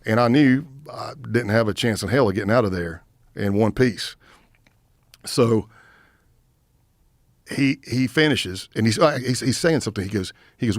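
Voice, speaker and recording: A middle-aged man with a fairly low voice tells a war story in casual conversation. He acts out the quotes of the people he met as he goes. The sound is close and dry, with no room around it. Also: moderate pace, long pauses, dry recording. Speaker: guest, retired FBI agent. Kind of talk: casual storytelling in podcast interview.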